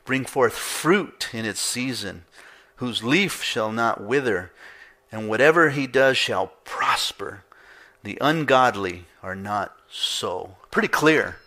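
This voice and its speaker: A pastor preaching a conversational sermon, asking rhetorical questions and repeating points for emphasis. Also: male voice, mid-range voice, expressive, slow, pushed and bright.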